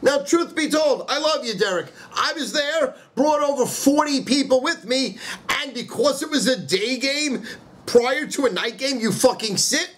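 Very high-voiced ranting New man. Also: a little slow. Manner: loud, profane, ranting. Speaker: sports handicapper. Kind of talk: profane comedic rant and sales pitch.

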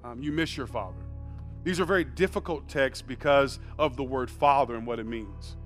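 An American man preaching a sermon as pastor, shifting from quiet conversational asides to loud shouted emphasis and often repeating words as he restarts phrases. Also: mid-range voice, normal speed, faint music behind. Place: church sanctuary.

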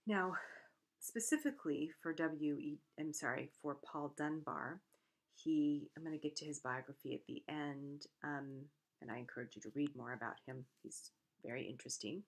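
Woman, low voice, literature lecturer, casual lecture delivery, self-corrections. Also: normal speed. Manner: conversational, with self-corrections and fillers. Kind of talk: recorded lecture.

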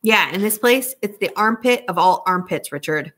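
A woman's voice: mid-range voice, expressive, moderate pace, a bit bright. A woman reading a story aloud, voicing a breezy, slangy, defensive teenage girl. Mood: complaining. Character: sassy chatty teenage girl cousin.

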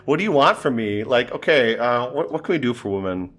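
A man's voice: medium pitch, animated, fairly quick, fairly bright tone. A man giving casual, exasperated gameplay commentary, talking to himself and swearing as things go wrong. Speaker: gaming commentator.

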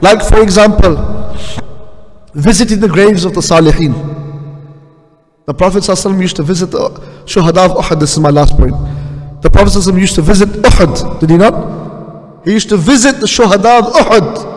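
A man teaching a hadith lesson in a mosque, often asking the congregation questions and mixing in Urdu and Arabic terms. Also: sits high. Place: mosque prayer hall. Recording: long hall reverb.

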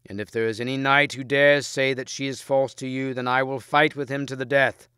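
A man's voice: mid-range voice, level tone, brisk, bright, forceful tone, clear, resonant tone, no echo, studio quality, voice pushed up, lightly acted. A man voicing a courteous, proud knight who speaks in an earnest, formal, raised voice.

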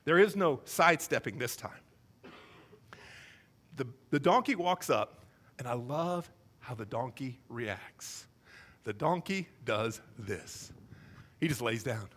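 A male pastor preaching a sermon, telling the story with animated, comic acted-out voices. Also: mid-range voice, slow pace, pauses often, slightly rough.

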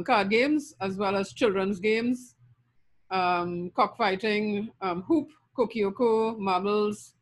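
Trinidadian woman lecturing with steady lists. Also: mid-range voice. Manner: lists terms steadily, with frequent ums. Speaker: linguistics lecturer. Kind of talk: recorded lecture presentation.

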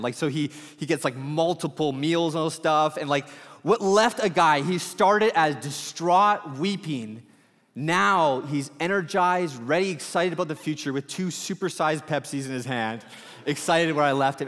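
Pastor, male, slightly high voice, chatty storytelling sermon, long church-hall reverb. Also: fairly bright tone. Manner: conversational, storytelling with quick asides.

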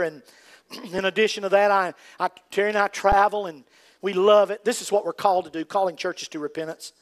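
Fervent older Southern preacher, high voice. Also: male voice. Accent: Southern American. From North Carolina. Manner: fervent preaching with sudden loud rises and quiet drops. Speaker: pastor. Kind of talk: sermon.

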